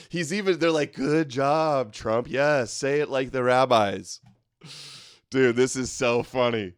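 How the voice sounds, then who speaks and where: A man's voice: mid-range voice, takes it slowly, clear, resonant tone, dry recording. Male streamer host, mocking and sarcastic, dry close sound, laughs a lot. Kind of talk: livestream commentary reading donations.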